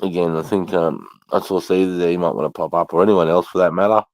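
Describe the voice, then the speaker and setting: A deep-voiced man hosts a casual live stream. His low voice sounds dry and close. He chats loosely, swears freely and greets viewers as they come in. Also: steady tone, fast, darkish tone, no echo. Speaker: livestream host.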